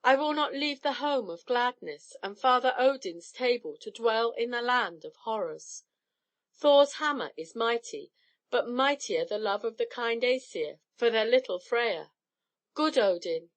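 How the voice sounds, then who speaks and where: A woman voicing a beautiful, gentle young goddess who pleads and wails in a storybook tale. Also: a little high, lively intonation, unhurried, no room sound. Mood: pleading. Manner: pleading, wailing.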